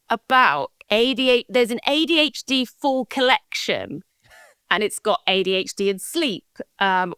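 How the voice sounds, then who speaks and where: A woman's voice: on the high side, fairly bright tone, clear, resonant tone, no room sound. A cheerful woman from Somerset, England, with a Somerset accent, a podcast guest chatting and laughing easily. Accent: Somerset English. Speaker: podcast guest, ADHD accountability partner. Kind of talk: casual podcast conversation.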